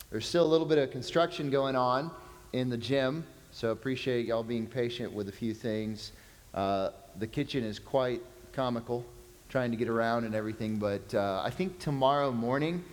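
A man's voice: medium pitch, in a large hall. A man preaching a sermon as pastor, folksy, with joking asides to the congregation.

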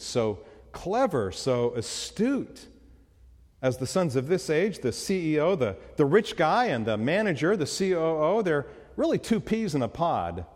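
A man's voice: a little high, darkish tone. A man preaching a sermon as a pastor, emphatic and full of rhetorical questions, in a church sanctuary. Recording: long hall reverb.

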